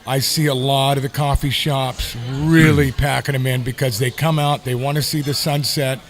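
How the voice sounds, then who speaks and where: A man hosting a casual chat, laid-back and quick to chime in with "yeah" and "bro". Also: mid-range voice, little pitch movement. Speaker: host.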